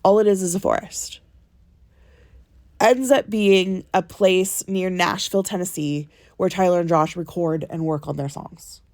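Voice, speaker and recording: A woman with a cold-stuffed nose recaps a timeline for a casual podcast, pausing often to ask "okay?" and "right?". Her voice is dry and close, with no room sound around it. She was recorded on a phone in a small cabin. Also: fairly low pitch, steady tone, a little mellow, no room sound. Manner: recounts a timeline step by step, checking in with "okay?" and "right?". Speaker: podcast co-host. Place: ship cabin on vacation.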